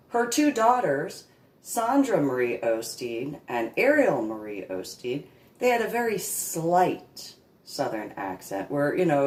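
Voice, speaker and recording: Low-voiced woman telling a slow story. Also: a little mellow. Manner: rambling, repeats words, sarcastic asides. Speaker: reverend. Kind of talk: personal storytelling monologue. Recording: echoey room.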